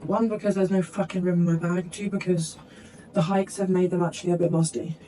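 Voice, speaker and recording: A woman's voice: fairly low pitch, fairly even intonation, brisk, mellow, slight background noise. A young British woman vlogging on her travels in a chatty, rambling way, swearing freely and laughing often. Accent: British English. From Britain. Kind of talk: casual chatty travel vlog. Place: outdoors while travelling.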